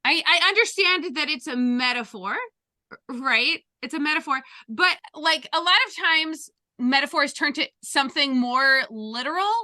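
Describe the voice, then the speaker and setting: A woman's voice: high-pitched, normal speed, sharp tone, no room sound, studio quality. A woman co-hosting a podcast over a video call, asking curious questions with frequent fillers. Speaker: podcast co-host. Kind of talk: casual podcast discussion.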